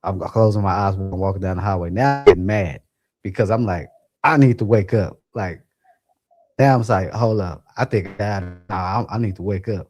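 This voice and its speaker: Animated laughing man telling a story. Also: low voice, fairly quick. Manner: animated, laughing, acts out quotes. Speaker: podcast co-host. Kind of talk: casual storytelling.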